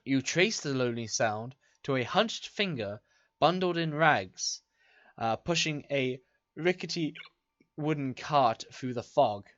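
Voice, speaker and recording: A man's voice: medium pitch, animated, a little slow, a bit bright, no room sound, highs cut off. A man narrating a tabletop game as game master, hesitant with many fillers, on a home mic.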